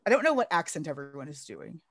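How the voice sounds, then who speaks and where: A woman co-hosting a podcast in casual chat, sarcastic and profane with quick asides. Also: sits low, big pitch swings, no echo, studio quality. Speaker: podcast co-host.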